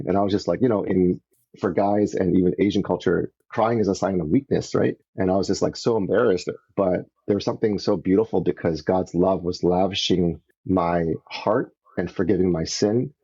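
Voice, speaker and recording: A man from Canada, a podcast guest, telling his story in an earnest, animated way and acting out the voices he quotes, on dull lo-fi audio. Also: low voice, normal speed, husky. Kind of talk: casual storytelling interview.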